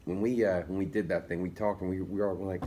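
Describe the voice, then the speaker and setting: A man with a very low voice speaks up in a class discussion. He is halting and sincere, and he pads his sentences with fillers. Faint room noise sits behind him. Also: steady tone, warm tone. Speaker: class participant. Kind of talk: casual remarks in a group discussion.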